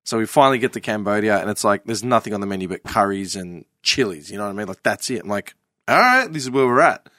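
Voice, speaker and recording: A man's voice: on the low side, fairly even intonation, fast talker, hardly any pauses, a bit bright, no room sound, studio quality. A man in his thirties telling brash travel stories in casual chat, swearing heavily. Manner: brash storytelling, heavy swearing.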